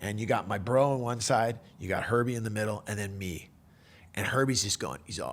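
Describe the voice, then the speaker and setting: A man telling a personal surfing story in a casual, animated way, full of surfer slang and fillers. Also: lowish voice, brisk.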